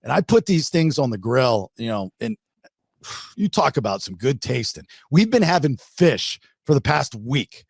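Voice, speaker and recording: A middle-aged man hosting a podcast, telling a fishing story in a casual, animated way with many restarts. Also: medium pitch, measured pace, creaky, slightly rough, no room sound. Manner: animated, restarts a lot, acts out shark growls. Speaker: podcast host.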